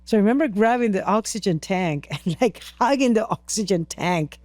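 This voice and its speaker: A woman's voice: mid-range voice, expressive, normal speed, darkish tone, dry recording. Earnest woman guest, dry close sound. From Peru. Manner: earnest, emotional retelling with many restarts. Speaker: interview guest. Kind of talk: podcast interview storytelling.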